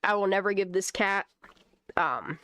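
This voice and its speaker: A woman chatting casually at home while planning a garden, swearing freely and breaking into sweet high baby talk with her cat. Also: expressive, unhurried, bright, forceful tone, smooth, no echo. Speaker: channel host.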